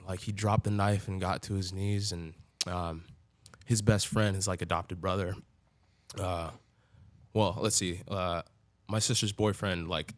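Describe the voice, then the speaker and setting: A man's voice: deep voice, dry recording. A man telling his own story as a podcast guest in a loose, profane way, full of filler words. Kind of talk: casual storytelling.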